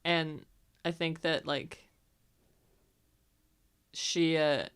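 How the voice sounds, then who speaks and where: A woman player with a notably low voice, explaining her character's thoughts in a tabletop game. She rambles casually and leans on fillers. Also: little pitch movement, very slow, clean tone.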